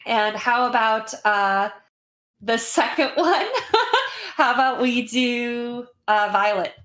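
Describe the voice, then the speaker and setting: A woman's voice: fairly high pitch, slow pace, a bit bright. Chatty woman host with many ums. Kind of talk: casual livestream wrap-up.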